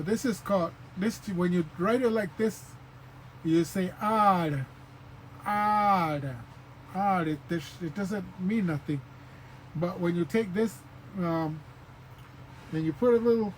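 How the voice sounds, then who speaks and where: A man giving an informal spoken language lesson, patient and repeating sounds slowly, with many fillers. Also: high-pitched, darkish tone, a little hiss or hum, poor audio. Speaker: language teacher.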